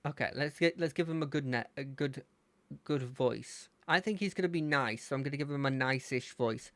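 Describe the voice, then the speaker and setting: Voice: mid-range voice, normal speed, a bit bright, no echo. A game streamer chatting casually and playfully while playing a fangame, thinking aloud. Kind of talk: casual gameplay commentary.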